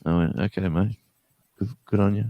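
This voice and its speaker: A middle-aged man talks in a very deep, low voice. He is recorded close and dry. He yarns in a loose, slangy way as he chats with friends on a live stream. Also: steady tone, normal speed, no echo, muffled recording. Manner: storytelling with slang and quoted voices. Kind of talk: casual chat on a live stream.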